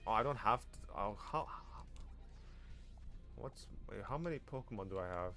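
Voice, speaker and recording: A man's voice: fairly low pitch, expressive, normal speed, a bit bright, soft background music. Chatty American-accented man streaming a game. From Korea. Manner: chatty, answers chat, trails off and restarts. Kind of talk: casual gameplay commentary.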